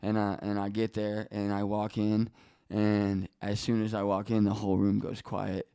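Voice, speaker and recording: A man in his twenties, a guest on a podcast, telling a personal story in a casual, animated way, swearing often and acting out what other people said. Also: lowish voice, normal speed, clear, resonant tone. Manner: animated, swears often, acts out quoted voices.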